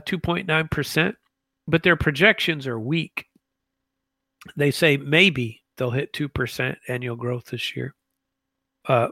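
Gravelly man, halting commentary. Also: mid-range voice, fairly bright tone, no echo. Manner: halting, many fillers and restarts. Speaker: political commentator. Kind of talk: casual commentary monologue.

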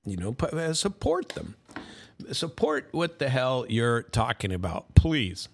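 A man's voice: mid-range voice, expressive, unhurried. A middle-aged man hosting a casual, rambling monologue, folksy and full of restarts. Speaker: host.

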